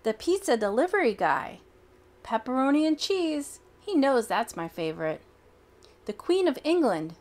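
A woman reading a children's picture book aloud in an expressive, childlike storytelling manner. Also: sits high, normal speed.

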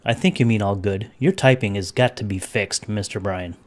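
A man's voice: fairly low pitch, moderate pace. A man hosting a casual livestream over his webcam, rambling between topics and greeting chat viewers by name. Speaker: livestream host.

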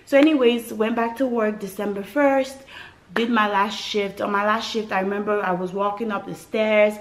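A woman's voice: mid-range voice, moderate pace, low-quality recording. A woman from West Africa telling her birth story to camera in a casual, dramatic way, with frequent asides to viewers. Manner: animated, dramatic retelling with acted quotes and asides to viewers.

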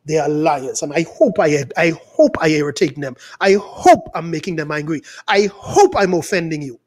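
A man from the Bahamas with a Bahamian accent, a pastor preaching angrily and emphatically, swinging between loud outbursts and quieter asides. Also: a little high, animated, moderate pace. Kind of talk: impassioned preaching.

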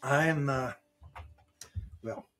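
A man's voice: medium pitch, drawn-out words, a bit bright. An older man, a grandfather, chatting playfully with children between songs at a family concert. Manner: chatty, playful, talks to kids at home. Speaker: children's entertainer. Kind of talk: family concert talk and song. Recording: guitar playing behind.

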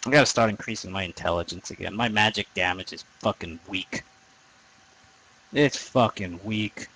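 A young man gives casual let's play commentary over a game, rambling, swearing often and mocking himself. His voice is on the low side, pushed, bright and husky, at normal speed, and the audio quality is poor.

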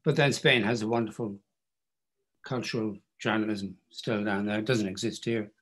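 A man's voice: lowish voice, steady tone, moderate pace, a bit bright, husky. An older man, a guest author telling stories in a wry, self-deprecating way at a bookstore interview. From Ireland.

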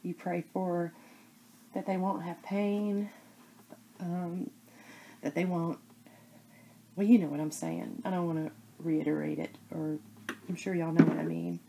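A woman chatting casually to camera as a crafting vlogger, rambling and halting with many fillers. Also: lowish voice, steady tone, gravelly, warm tone, slight background noise.

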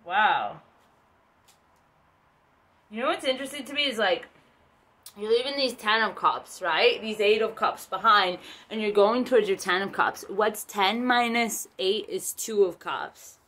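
A woman's voice: medium pitch, measured pace, fairly bright tone. A woman giving a casual tarot reading, rambling and chatty with lots of swearing. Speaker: tarot reader.

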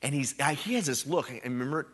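A man in his thirties preaching at a revival, telling a personal story with animated, emphatic delivery. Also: mid-range voice, fast, husky. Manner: animated storytelling, rising to loud emphatic peaks. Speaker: guest preacher. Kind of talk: revival sermon.

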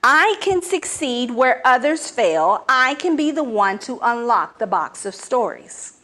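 A woman's voice: fairly high pitch, sing-song, unhurried, a bit bright. A woman voicing a cunning, boastful male spider trickster with an eager, wheedling, theatrical manner. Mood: determined.

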